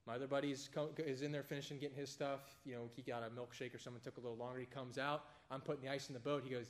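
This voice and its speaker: A man teaching a casual Bible study, conversational and animated, telling everyday anecdotes between points. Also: medium pitch, very fast, hardly any pauses.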